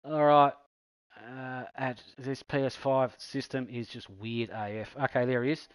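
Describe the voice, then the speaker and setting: An esports league host chats casually with drivers after an online race, matey and chatty, with plenty of fillers in his post-race commentary. His male voice is medium-pitched with fairly even intonation and a measured pace, smooth in quality, on a rough recording with no room sound.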